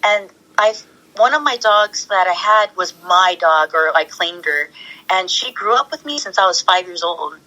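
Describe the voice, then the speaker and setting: A woman's voice: lowish voice, expressive, normal speed, bright, forceful tone, low-quality recording. A middle-aged woman chatting as an interview guest, gushing and laughing often as she talks. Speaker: guest, former pro wrestler. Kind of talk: casual interview chat.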